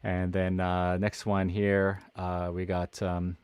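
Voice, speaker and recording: A man's voice: sits low, monotone, slow pace, darkish tone, clean tone, dry recording. A Canadian man co-hosting a live filmmaking podcast, chatting casually and rambling with lots of fillers and restarts. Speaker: podcast co-host. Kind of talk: casual live-stream chat.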